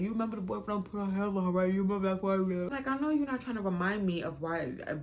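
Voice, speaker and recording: A young woman casually telling a storytime vlog about her relationship, animated and dramatic, with sudden high jumps when she acts out arguments. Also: rapid-fire, hardly any pauses, slight background noise. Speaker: vlogger.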